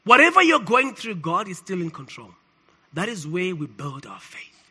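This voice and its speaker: A man preaching a sermon, emphatic and swinging between loud declarations and quiet asides. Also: sits high, big pitch swings, normal speed, husky.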